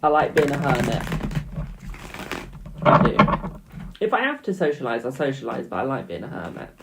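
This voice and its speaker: A man's voice: mid-range voice, big pitch swings, moderate pace, vocal fry, very noisy. A young British man doing tarot readings on a live stream, chatting casually and calling viewers "my darling".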